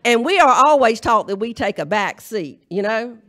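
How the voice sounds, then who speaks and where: At a live church service, a Southern woman minister with the accent of the US South delivers a folksy, humorous and emphatic charge to the congregation. Her voice is a little high and a bit bright, animated, at normal speed.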